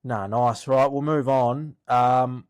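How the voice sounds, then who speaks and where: A man with an Australian accent, a podcast co-host chatting in a relaxed, easygoing way. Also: medium pitch, slow pace. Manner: relaxed, easygoing, brief replies. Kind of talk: casual chat.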